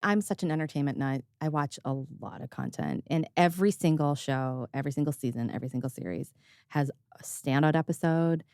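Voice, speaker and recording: A woman hosting a podcast in relaxed, candid talk, slipping in the odd swear word. Her voice sits a little low, and the sound is close and dry with no room in it. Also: fairly quick, smooth, no echo. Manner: candid, chatty, swears casually; laughs often. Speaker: podcast host. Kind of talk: casual conversational chat.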